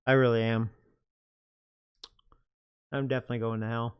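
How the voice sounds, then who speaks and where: A man's voice: medium pitch, level tone, normal speed, smooth. A man chatting casually on a livestream, often breaking into laughter as he talks. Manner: giggly, laughs through his words. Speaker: live streamer.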